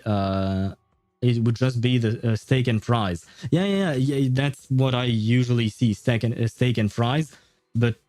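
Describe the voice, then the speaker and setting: A man from France speaks English with a French accent in a loose, rambling live-stream chat. His voice is mellow and dark, recorded dry and close, with soft music faintly underneath. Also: mid-range voice, dry recording. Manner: rambling, chatty, laughs often, stumbles and restarts words. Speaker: game streamer.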